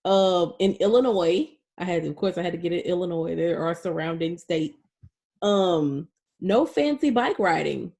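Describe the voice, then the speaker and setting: A young woman co-hosting a podcast in easy, casual chat. She tells stories with plenty of profanity and animated exclaiming. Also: fairly low pitch, normal speed. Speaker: podcast co-host.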